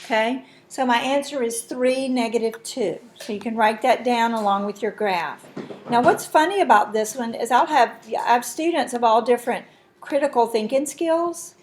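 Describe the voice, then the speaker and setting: A woman's voice: a little high, normal speed, darkish tone, slight background noise. Woman teaching a math lesson. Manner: explains step by step, checks in with students. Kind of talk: classroom lesson.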